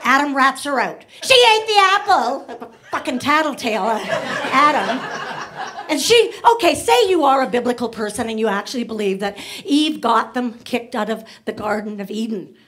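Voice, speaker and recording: A woman performing a stand-up comedy set on stage, chatty and quick to slip into voices for characters. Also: on the high side, lively intonation, a bit bright, slight background noise. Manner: chatty, rapid shifts into voiced asides. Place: comedy club stage before a laughing audience.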